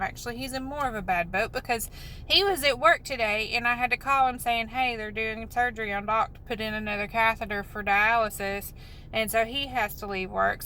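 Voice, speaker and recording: A woman's voice: on the high side, pushed and bright, slight background noise, poor audio. A woman venting in a rambling, upset, apologetic way in a vlog, recorded on a phone in a parked car. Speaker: vlogger.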